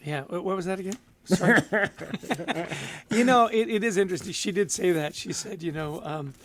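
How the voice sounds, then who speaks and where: A man's voice: high-pitched, normal speed, fairly bright tone, a little hiss or hum. A man co-hosting a podcast in casual chat, upbeat and friendly, laughing easily as he bounces ideas off his co-host.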